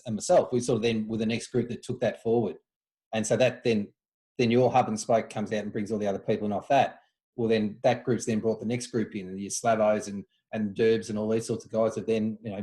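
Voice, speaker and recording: An Australian man telling old club stories in casual chat, acting out what people said in a raised voice. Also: mid-range voice. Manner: animated storyteller, acts out quotes in a raised voice. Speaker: podcast guest, former club footballer.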